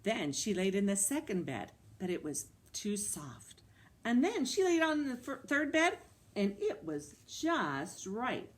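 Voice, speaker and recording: A woman librarian telling a story to young children, animated and coaxing them with questions. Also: medium pitch, measured pace.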